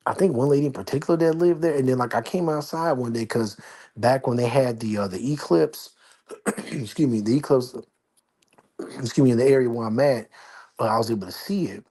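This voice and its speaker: A man with a medium-pitched, mellow voice hosts a casual livestream from his apartment. He rambles along in slang, keeping his voice down.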